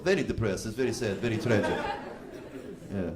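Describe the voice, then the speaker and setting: A man's voice: a little high, expressive, a little fast, a crowd in the background. Young man, stand-up comic, loose profane delivery, roomy live room, background noise. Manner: casual, profane, loose and laughing. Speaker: stand-up comedian. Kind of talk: stand-up comedy set. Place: live comedy venue.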